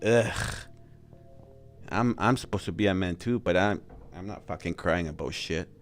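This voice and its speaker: A man's voice: deep voice, brisk, faint music behind. Crude, mocking male streamer. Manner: mocking and crude, laughs often. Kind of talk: profane live reaction commentary.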